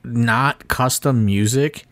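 A man co-hosting a podcast, talking in an excitable, profane way, full of fillers. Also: mid-range voice, takes it slowly, no echo. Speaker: podcast co-host. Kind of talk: casual chat.

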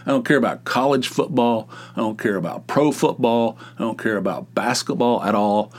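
A man's voice: medium pitch, normal speed. A man hosting a solo podcast, talking in a rambling, wry and exasperated casual way. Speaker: podcast host.

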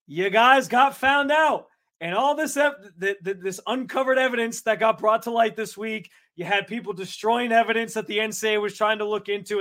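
A man's voice: high-pitched, a bit bright. A man co-hosting a casual sports podcast, laughing often and making long, winding points. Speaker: podcast co-host.

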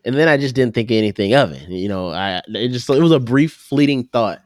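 A man's voice: medium pitch, lively intonation, a little fast, dry recording, clean studio sound. A young man co-hosting a casual podcast chat in a laid-back, slangy way, laughing often. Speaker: podcast co-host.

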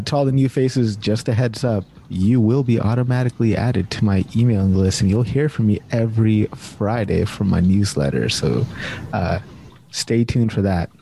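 A man's voice: lowish voice, mellow, a little hiss or hum. Laid-back man hosting a video call. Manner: laid-back, chatty, says "man" often. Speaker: host. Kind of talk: casual chat.

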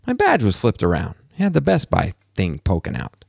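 A man hosting a podcast from his home office, telling an animated story in a casual monologue and acting out the quotes. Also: mid-range voice, normal speed, gravelly, no room sound, studio quality. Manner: animated storytelling, acts out quotes, laughs at himself. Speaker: podcast host.

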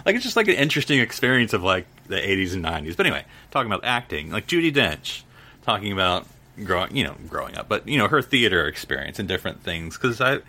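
A man's voice: on the low side, big pitch swings, quick pace, sharp tone. A man co-hosting a podcast, chatting casually and rambling with lots of fillers. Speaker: podcast co-host. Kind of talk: casual chat.

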